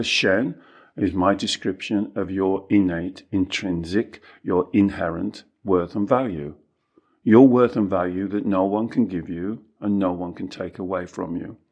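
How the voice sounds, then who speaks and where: A man's voice: medium pitch, gravelly, a little mellow. A man co-hosting a self-help talk, speaking emphatically and acting out inner voices. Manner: emphatic, acts out inner voices, repeats himself. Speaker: teacher and podcast co-host.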